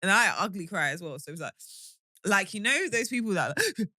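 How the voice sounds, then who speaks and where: A woman's voice: medium pitch, fairly quick, no room sound, studio quality. A young woman co-hosting a podcast, chatting casually and playfully with frequent laughter. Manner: animated, laughs often, playful. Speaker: podcast co-host. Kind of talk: casual chat.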